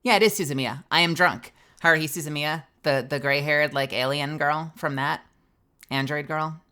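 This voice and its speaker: A woman voice actor chatting casually on a live stream, animated, swearing freely and explaining voice acting to her viewers. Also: low-pitched, normal speed, clear, resonant tone.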